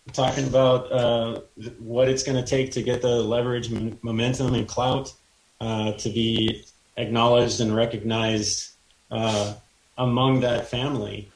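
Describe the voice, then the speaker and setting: A male guest on a talk radio show speaks haltingly, stopping often and restarting his sentences. His voice is mid-pitched and picks up a noticeable roomy echo. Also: level tone. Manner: halting, hesitant, many restarts. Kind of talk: casual talk radio conversation.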